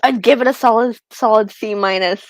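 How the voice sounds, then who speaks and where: A woman from the Midwest co-hosting a podcast in casual chat, teasing with quick short replies. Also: fairly high pitch, no echo. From Midwest United States. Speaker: podcast co-host.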